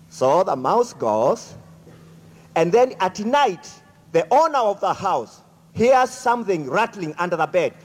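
A man telling a folk tale to an audience, slow and dramatic, speaking to them directly. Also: high voice, big pitch swings. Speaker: storyteller. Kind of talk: animated folk-tale storytelling. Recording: echoey hall.

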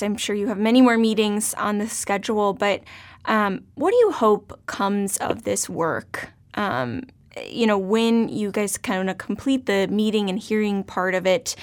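A woman hosting an interview, asking questions with many hesitations and fillers. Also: mid-range voice. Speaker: interview host. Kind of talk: hosted interview.

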